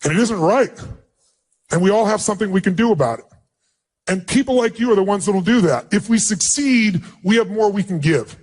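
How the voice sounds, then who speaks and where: A man with a husky, somewhat raised voice addresses an audience as a motivational speaker. He tells a personal story with emphatic delivery and acts out the people in it. His tone is earnest and stirring. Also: sits high, expressive, fairly quick, darkish tone.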